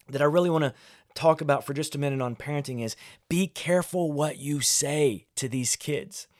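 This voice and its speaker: Here a pastor and podcast host muses alone on parenting, his voice a little high and slightly mellow. His tone is candid, conversational and self-deprecating, with frequent restarts. The sound is dry and studio quality.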